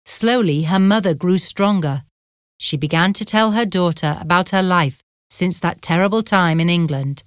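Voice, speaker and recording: A woman narrating an audiobook chapter in a measured, even storytelling manner. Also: on the low side, smooth, dry recording, studio quality.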